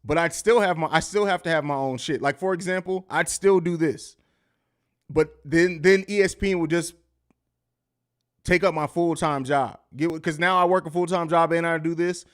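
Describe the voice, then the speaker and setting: A man with a fairly high speaking voice hosts a live sports stream. He talks in a loose, profane, casual way, laughing often and reading viewer comments aloud as he goes. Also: moderate pace, a bit bright. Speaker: podcast host.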